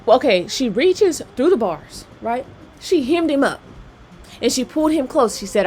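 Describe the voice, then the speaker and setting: Casual nail tech lady talking to viewers, highish voice, keeps saying right? okay?. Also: sing-song, moderate pace, darkish tone, a little hiss or hum. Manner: chatty, slangy, checks in with "right?" and "okay?". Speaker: nail technician and channel host. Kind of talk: casual chat while doing nails.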